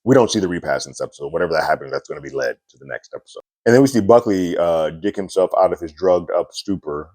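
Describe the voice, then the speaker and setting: A man's voice: low-pitched, expressive, quick pace, few pauses, a little mellow, no echo. A man giving a casual, conversational TV episode review, with loose fillers and little laughs.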